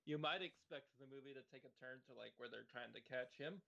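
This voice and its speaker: A man's voice: mid-range voice, brisk, vocal fry, pushed and bright. Young man rambling, slightly dull audio. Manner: rambling, filler-heavy, wry. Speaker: podcast co-host. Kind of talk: casual comedic movie riff.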